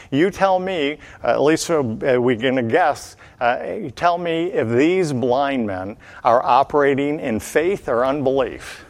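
A man teaching from scripture in a sermon, with a mid-pitched voice. He is emphatic and quizzes his listeners. He slows down and drops low when he hits his main points. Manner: addresses listeners with questions and a quiz.

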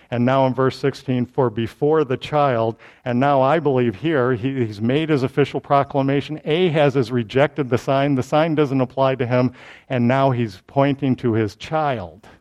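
A preacher with a medium-pitched, darkish voice teaches a sermon verse by verse as expository Bible teaching. When reading scripture, he shifts into raised, proclaiming tones.

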